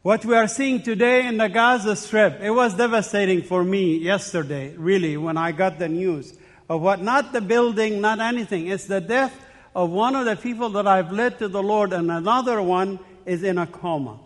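A guest preacher from the Middle East, a man with a fairly high voice, speaking earnestly to a congregation. He mixes personal stories with urgent calls to prayer. His voice rings with the long reverb of a big church hall. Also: normal speed. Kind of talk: sermon with anecdotes. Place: church sanctuary.

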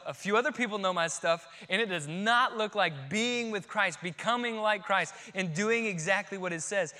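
A man in his thirties, a pastor preaching a sermon, swinging from quiet, slow emphasis to near-shouting. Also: high voice.

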